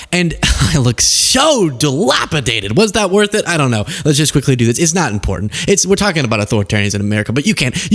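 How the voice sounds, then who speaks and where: Sarcastic male political commentator. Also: mid-range voice. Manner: sarcastic, emphatic, quick asides.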